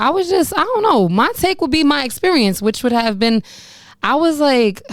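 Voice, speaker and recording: Young woman podcast host talking real candid, swears a lot, lowish smooth voice, dry close sound. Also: darkish tone, dry recording. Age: young adult. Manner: frank and profane, laughs about painful memories. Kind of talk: candid personal storytelling.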